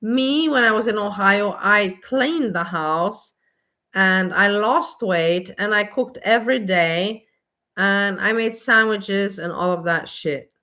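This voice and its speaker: A woman's voice: medium pitch, slow, sharp tone. Blunt ranting woman vlogger. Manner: blunt, exasperated, repetitive. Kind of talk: casual ranting monologue.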